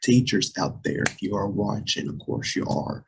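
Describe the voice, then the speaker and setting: A young man hosting a casual talk show, chatty and repetitive, speaking to viewers as "you guys", with a voice that cracks and drops deep. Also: animated, moderate pace, vocal fry, slight background noise, rough recording. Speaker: host.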